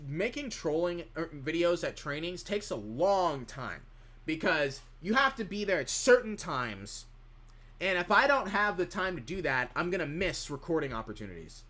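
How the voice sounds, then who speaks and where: A man's voice: a little high, pushed and bright. A man streaming live, chatting casually in a rambling way as he reads chat questions aloud and answers them.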